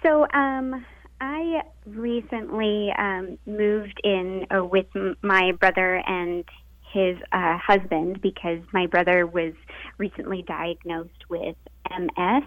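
A woman's voice: medium pitch, fairly even intonation, slow, no echo. A woman in her thirties calling in to an advice show, talking hesitantly with many fillers. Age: 30s. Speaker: caller. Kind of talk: call-in conversation. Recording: dry tinny phone line.

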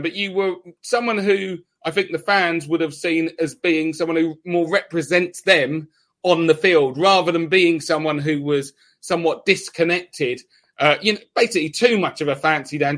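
Male co-host, higher pitch, upbeat and jokey. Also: fairly bright tone. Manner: enthusiastic, joking and laughing. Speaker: podcast co-host. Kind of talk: casual podcast chat.

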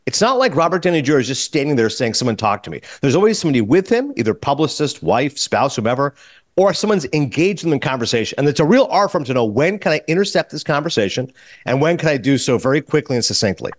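A man hosting a podcast, telling a story in casual chat, excitable and acting out the people he quotes. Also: mid-range voice, no room sound, studio quality. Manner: rapid, excitable, acts out quotes. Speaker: podcast host.

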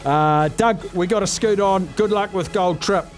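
Excitable high-voiced New radio man. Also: moderate pace, over music. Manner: excitable, upbeat, rattles off racing form. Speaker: radio host. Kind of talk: phone-in radio chat.

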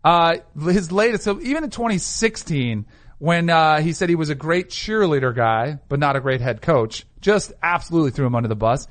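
A man's voice: fairly high pitch, lively intonation, moderate pace. A man hosting sports talk radio, casual and opinionated. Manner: chatty, opinionated.

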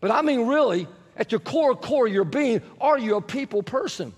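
A man preaching a sermon as pastor, animated and asking the congregation questions, sometimes rising to shouts. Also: very high-pitched, normal speed, husky. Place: church sanctuary. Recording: long church reverb.

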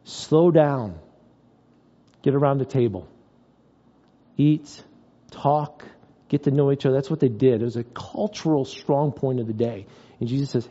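A man's voice: mid-range voice, very animated, a little slow, long pauses, mellow, lo-fi sound. A man preaching a sermon as pastor, talking conversationally and mixing scripture with personal stories.

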